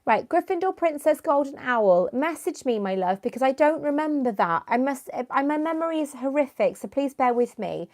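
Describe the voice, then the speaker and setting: Chatty woman, slightly high voice. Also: lively intonation, moderate pace, hardly any pauses, darkish tone. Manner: chatty, rambling, answers viewers by name. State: runny nose, clearing her throat. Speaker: YouTuber hosting a live stream. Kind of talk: casual live-stream chat.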